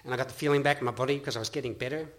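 A man's voice: mid-range voice, steady tone, rapid-fire. Earnest Australian man sharing his story. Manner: earnest, rambling, with frequent restarts and laughs. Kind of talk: personal testimony talk.

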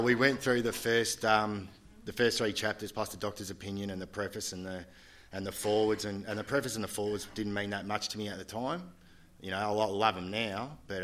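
A man giving a candid, halting personal testimony to a group at a recovery meeting, often restarting his sentences. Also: sits low, a bit bright. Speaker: speaker sharing at a recovery meeting.

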